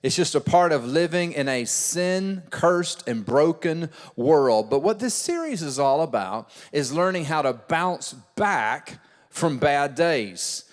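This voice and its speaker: Brief: male pastor with a high voice, an emphatic preacher who repeats his points, heard in a reverberant church hall. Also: expressive, slow pace. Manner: emphatic, repeats key phrases. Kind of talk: sermon. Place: church auditorium.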